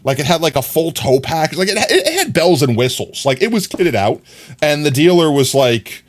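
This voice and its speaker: A man's voice: a little high, sing-song, normal speed. A man streaming a game, chatting casually and telling a long rambling story with many fillers. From New York. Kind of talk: casual chat while gaming.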